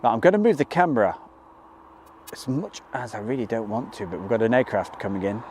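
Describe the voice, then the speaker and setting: Outdoors near an airport, a man hosts a live stream, chatting casually and warmly greeting viewers as he reads their names aloud. His mid-range voice is expressive and a little fast, with slight background noise.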